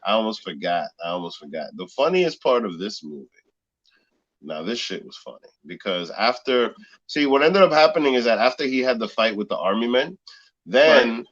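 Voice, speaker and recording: A man's voice: mid-range voice, moderate pace. A man co-hosting a casual podcast, telling a story with lots of energy and laughing often. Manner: animated storyteller, laughs often, mimics sounds. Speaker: podcast co-host. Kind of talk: casual chat. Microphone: phone. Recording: lo-fi muffled sound.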